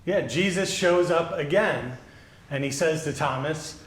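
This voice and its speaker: A male pastor giving a children's sermon, gently asking the children questions and answering them. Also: on the high side, unhurried. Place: church sanctuary. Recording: echoey church.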